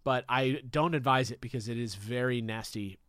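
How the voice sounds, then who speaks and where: A young man hosting a podcast, telling a story in a casual, animated way with jokey asides and swearing. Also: mid-range voice, moderate pace, clean tone, no room sound. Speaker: podcast host.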